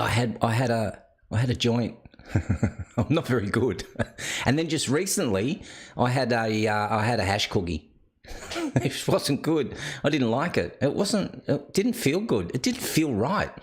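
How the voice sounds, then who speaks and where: An Australian man hosting a live chat show and reading viewer comments aloud. He keeps breaking into laughter. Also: fairly high pitch. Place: indoors.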